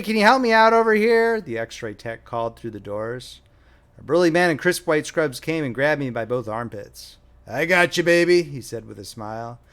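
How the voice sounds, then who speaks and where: A young man reading his own audiobook as author and narrator, with a wry, self-deprecating manner. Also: mid-range voice. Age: young adult.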